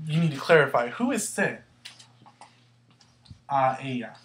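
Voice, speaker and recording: A man's voice: medium pitch, animated, moderate pace, pauses often, a bit bright, a little hiss or hum. A man teaching a Spanish grammar lesson, explaining patiently step by step and asking questions as he goes.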